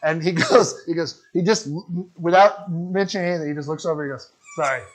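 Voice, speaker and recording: Co-hosting a casual cooking podcast from his home kitchen, a man cracks jokes and laughs often while chatting as he cooks. His voice is a little high and brisk, and the audio is poor, with crowd noise in the background.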